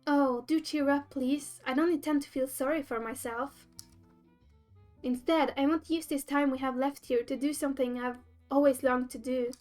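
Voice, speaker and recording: A woman's voice: high voice, fairly even intonation, normal speed, darkish tone, soft background music, natural voice. A woman reading a cheerful, slightly formal young woman who bakes, in a dating game. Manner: polite, slightly formal phrasing.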